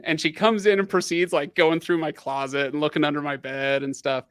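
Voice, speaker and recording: A middle-aged man hosting a casual livestream, telling a long personal story in an animated way, laughing often and leaning on fillers. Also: fairly high pitch, normal speed, few pauses, dry recording. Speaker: livestream host.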